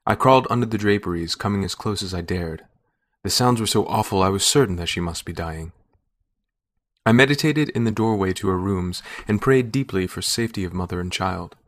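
A man narrates a first-person story in a measured, steady way. His voice sits on the low side. The reading is calm and unhurried, a classic audio fiction narration. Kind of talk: scripted narration.

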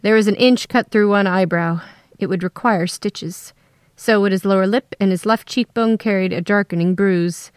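A woman telling a first-person story in a steady, scripted narration. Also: mid-range voice, normal speed, clear, resonant tone, no room sound, studio quality.

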